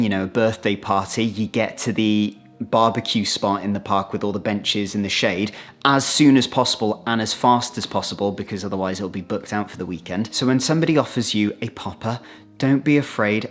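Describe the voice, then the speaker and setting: British man, casual vlog, lowish voice, chatty, faint music behind. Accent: British English. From Britain. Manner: chatty, animated, acts out little quoted exchanges. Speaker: vlogger. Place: outdoors, then moving inside.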